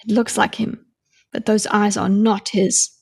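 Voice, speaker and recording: A woman's voice: mid-range voice, flat delivery, a little slow, gravelly, darkish tone, husky. A woman voicing a wary, suspicious young woman who questions a stranger, reading lines from a book aloud. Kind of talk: read-aloud fiction dialogue.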